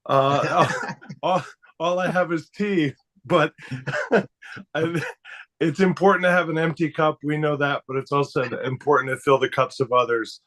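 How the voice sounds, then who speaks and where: A man's voice: fairly high pitch, moderate pace, fairly bright tone. A man on a video call thanking everyone in a giggly, choked-up, self-deprecating way.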